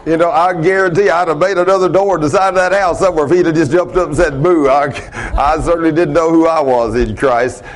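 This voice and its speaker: A man preaching a sermon in a folksy storytelling way, laughing at his own stories and swinging between loud and hushed. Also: fairly high pitch, fast talker, hardly any pauses.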